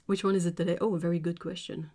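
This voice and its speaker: Chatty woman, low voice. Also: level tone, racing, dark tone. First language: French. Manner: chatty and giggly, trailing off and searching for words. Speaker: art livestream host. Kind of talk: casual livestream chat, reading viewer comments.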